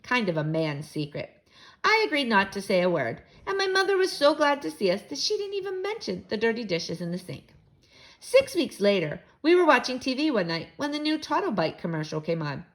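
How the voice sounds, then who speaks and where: Animated woman reading a storybook aloud. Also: sits high, brisk. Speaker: storybook reader for children. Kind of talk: reading a children's book aloud.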